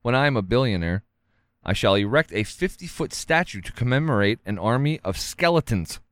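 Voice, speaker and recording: A man's voice: mid-range voice, expressive, fairly quick, a bit bright, no echo. A young adult man co-hosting a podcast, giggling often as he reads gag cards into a close mic. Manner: giggly, laughs often between lines. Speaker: podcast co-host. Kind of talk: casual comedic chat.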